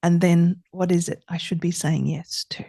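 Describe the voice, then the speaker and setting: A middle-aged woman speaks in a slightly low voice, expressive and emphatic as she explains ideas on a podcast. She leans on key phrases and says them again. The sound is close and dry, with almost no room echo. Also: normal speed, vocal fry. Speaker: trauma therapist guest. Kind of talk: conversational podcast interview.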